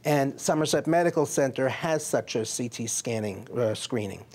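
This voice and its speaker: A man's voice: medium pitch, animated, normal speed, darkish tone. A man, a physician hosting a health interview, asking leading questions and summarizing. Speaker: physician host. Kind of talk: medical interview.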